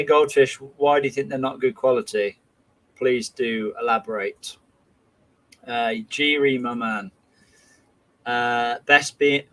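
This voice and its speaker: Guy chatting on his livestream, lots of uh and you know, mid pitch. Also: fairly bright tone, poor audio. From England. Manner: chatty, friendly, many fillers like "you know" and "uh". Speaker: livestream host. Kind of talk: casual livestream chat reading comments.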